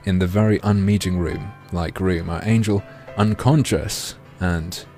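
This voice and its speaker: A man's voice: low voice, fairly even intonation, a little slow, a little mellow, faint music behind. A man narrating and commenting on a video game with sardonic, crude asides. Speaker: let's play host.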